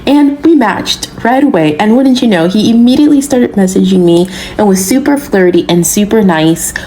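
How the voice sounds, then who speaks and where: A young woman with a Southern accent tells her story to viewers, candid and ready to poke fun at herself. Her voice sits at an ordinary pitch, with a faint hiss under it. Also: lively intonation, normal speed, warm tone, rough recording. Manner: candid, self-mocking, wry.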